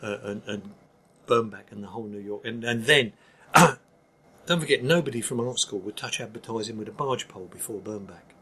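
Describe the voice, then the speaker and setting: A man's voice: fairly low pitch, fairly quick, fairly bright tone, breathy edge. An older man with a Cockney accent, talking bluntly and emphatically as an interview guest, often restarting his sentences. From East London, England. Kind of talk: candid interview talk.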